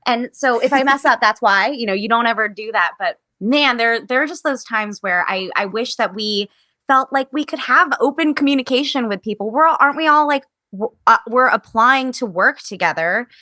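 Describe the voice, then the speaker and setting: A woman actress speaks as an interview guest in an earnest, reflective way, circling back and restarting as she thinks aloud. Her voice is bright and forward, and it sits close and dry with almost no room around it. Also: fairly high pitch, animated, moderate pace, no echo. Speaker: musical theater actress, guest. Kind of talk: candid casual conversation.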